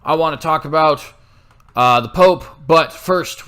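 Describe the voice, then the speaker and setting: A man's voice: on the high side, measured pace, pushed and bright, clear, resonant tone. Sarcastic young man ranting. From United States. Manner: heated, sarcastic, frequent "right?" tags. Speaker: political commentary host. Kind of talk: opinionated monologue.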